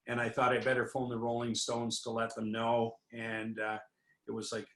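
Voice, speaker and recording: A man's voice: medium pitch, monotone, moderate pace, fairly bright tone. A man, a winery owner, telling a rambling anecdote as an interview guest, with many fillers and restarts. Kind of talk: anecdotal storytelling in a conversation. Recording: roomy echo.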